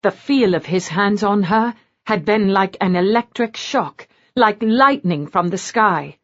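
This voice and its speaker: A woman narrating an audiobook in an expressive storytelling manner. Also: medium pitch, unhurried, dull audio. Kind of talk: scripted narration.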